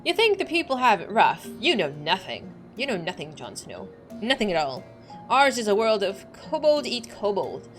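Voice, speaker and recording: A woman's voice: mid-range voice, huge pitch swings, normal speed, a bit bright, faint music behind. A woman voicing a small, downtrodden kobold digger who pleads dramatically and repeats himself while she reads game dialogue aloud. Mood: pleading.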